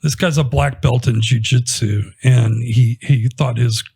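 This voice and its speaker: A man's voice: mid-range voice, measured pace, gravelly, husky. A man casually telling a story about a patient in an interview, retelling the conversations as he goes. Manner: conversational, animated retelling with quoted dialogue.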